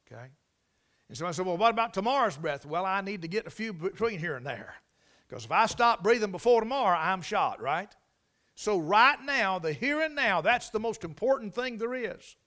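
A man preaching a sermon in a conversational way, repeating and restarting phrases and swelling loudly on key lines. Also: high voice.

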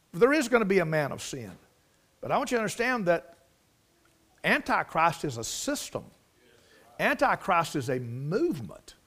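A man preaching a sermon, folksy and repetitive, rising to emphatic bursts. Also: sits high. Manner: rises to emphatic, loud bursts.

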